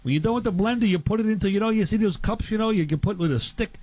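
A man's voice: high voice, rapid-fire, darkish tone, husky, dry recording. A man bantering in a comedy bit at a barbecue, rambling, playfully clueless and repeating himself.

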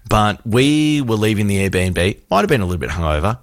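A man co-hosts a radio show, his voice low and recorded dry and close. He tells stories in a lively way and slips into acted-out voices for the people in them. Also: brisk, no echo. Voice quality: animated storyteller, acts out voices. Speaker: radio co-host. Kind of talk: casual radio banter, storytelling.

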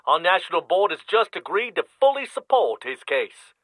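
A man's voice: high-pitched, big pitch swings, fairly bright tone, no echo, pitched above the performer's own voice, heavily acted, poor audio. An actor in a one-man stage play, playing a cautious male official who delivers news in an official tone. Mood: formal. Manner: measured, regretful, official.

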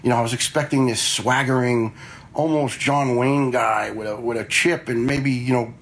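A man's voice: medium pitch, steady tone, moderate pace, gravelly, a bit bright, slight background noise. A blunt man in his forties, a retired fire lieutenant, telling stories casually and quoting himself along the way. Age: 40s. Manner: blunt, quotes himself in anecdotes. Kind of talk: casual storytelling.

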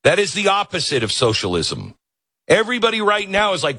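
Husky sarcastic male talk host. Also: wildly swooping pitch, brisk, bright, forceful tone, no room sound. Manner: sarcastic, ranting, mock voices, jumps high when mocking. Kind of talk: opinionated talk show monologue with host-read ad.

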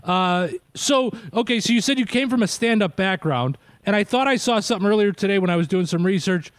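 Male radio host in his 30s, high voice, dry close studio sound, loose and chatty. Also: fairly quick, no echo. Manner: chatty, laughs easily, frequent filler words. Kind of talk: casual radio interview.

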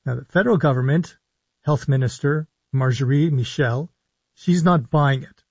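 A man, a physician hosting a live call-in radio show, explaining in a measured way with slow emphasis on key words. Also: medium pitch, a little mellow, breathy edge, no room sound, lo-fi sound. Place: radio studio.

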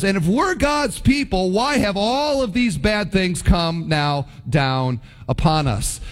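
A man preaching a sermon, acting out biblical characters' voices with big pitch swings. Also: long reverb tail. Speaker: pastor.

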